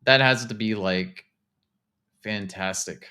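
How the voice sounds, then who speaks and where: A man, casually chatting to his live-stream viewers while touring game houses, excitable and talkative. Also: on the low side, takes it slowly, clean tone. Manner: chatty, excitable, talks to chat.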